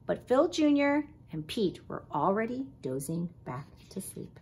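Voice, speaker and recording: Woman teacher reading a picture book aloud; slow, breathy, expressive. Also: mid-range voice. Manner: expressive storytelling. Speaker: preschool teacher.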